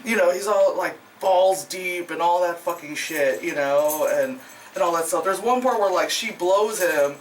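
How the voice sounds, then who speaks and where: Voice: mid-range voice, measured pace. Rambling, laughing vlogger recorded from afar. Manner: rambling, profane, laughs often, many fillers. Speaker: film reviewer. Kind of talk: casual rambling movie review vlog. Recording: distant mic with faint background noise.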